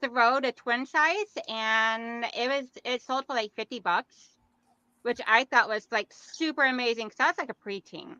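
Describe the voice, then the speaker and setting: Brief: bright, smooth-voiced woman, chatty livestream guest, slightly dull audio. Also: fairly high pitch, unhurried, no room sound. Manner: chatty, laughs easily. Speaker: guest sewist. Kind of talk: casual livestream chat.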